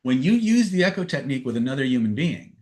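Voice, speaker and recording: A man's voice: medium pitch, very animated, fast, darkish tone. A man leading a live webinar, telling a story and acting out the dialogue, often checking in with "right?". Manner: storytelling, acts out dialogue, frequent "right?" tags. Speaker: seminar trainer. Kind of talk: live webinar teaching with anecdotes. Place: online webinar.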